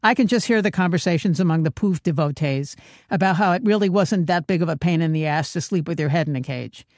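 A woman delivering scripted comedic narration with wry, sarcastic, deadpan asides. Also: lowish voice, fast talker, no room sound, clean studio sound. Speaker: comedic host.

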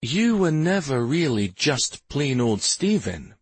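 A man voicing a soft, tender young wife. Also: mid-range voice, big pitch swings, slow pace, husky, no room sound, pitched above the performer's own voice, heavily acted. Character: warm tender young woman, a prince's wife.

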